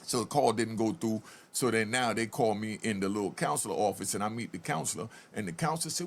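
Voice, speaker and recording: A man who served time, talking straight to viewers in an animated, casual way as he comments on a video and tells prison stories. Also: on the low side, fast talker, vocal fry, few pauses, slight background noise.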